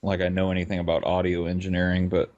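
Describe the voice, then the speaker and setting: A man's voice: low-pitched, monotone, quick pace, darkish tone, lo-fi sound. A man hosting a podcast, chatting loosely with profane jokes. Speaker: podcast host. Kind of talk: casual podcast banter. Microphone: podcast mic with soundboard.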